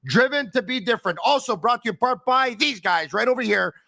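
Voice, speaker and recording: A man's voice: very high-pitched, animated, a little fast, vocal fry, sharp tone, no room sound. A middle-aged man hosting a sports podcast, joking and emphatic while reading ads. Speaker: podcast host. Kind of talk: casual sports talk with read ads.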